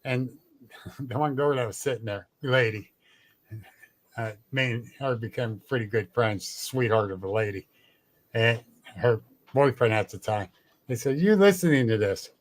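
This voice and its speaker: A man's voice: mid-range voice, steady tone, a little slow, pauses often. A man chatting as a guest, telling stories bluntly with plenty of cursing and frequent laughter. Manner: blunt and salty, laughs often. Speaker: guest, cryptid researcher. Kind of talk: casual storytelling chat.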